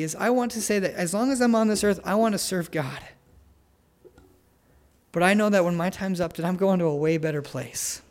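A man preaching an earnest sermon, telling family stories and pleading gently with listeners to come to faith. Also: a little high. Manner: earnest, pleading, tender pauses. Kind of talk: sermon with altar call.

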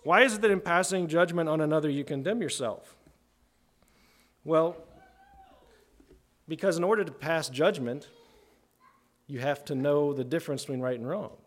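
A man preaching an expository sermon. He talks conversationally, often checks in with "right?", slows down for emphasis and climbs in pitch and volume when he acts out quotes. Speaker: pastor.

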